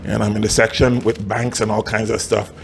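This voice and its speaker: A middle-aged man pastor preaching a storytelling sermon with big leaps in pitch and chuckles as he talks. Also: a little fast, creaky, slight background noise. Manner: animated preaching with sudden high pitch swings; chuckles while telling stories.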